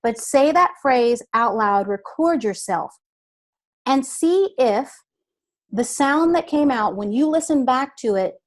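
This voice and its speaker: Patient woman voice coach. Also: high voice. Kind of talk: instructive interview talk.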